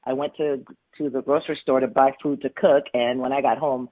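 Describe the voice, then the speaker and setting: A woman's voice: rumbling low, fairly even intonation, fairly quick. A woman guest on a radio interview, telling her personal story candidly and emphatically, with tumbling restarts, over a phone line. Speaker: guest, money coach.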